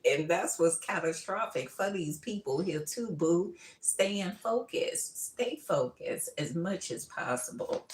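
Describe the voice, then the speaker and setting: A middle-aged woman reads tarot on a casual live stream, brash and loud with frequent laughter. She calls her listeners boo and baby in a lowish voice. The room around her rings with echo. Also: a little hiss or hum. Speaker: tarot reader.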